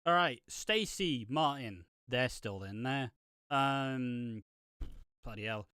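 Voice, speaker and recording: A man's voice: mid-range voice, lively intonation, slow pace, pushed and bright, clean tone, dry recording, clean studio sound. A young man co-hosting a casual chat, giving opinions animatedly with laughs in between. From United Kingdom. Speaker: soap opera reaction co-host.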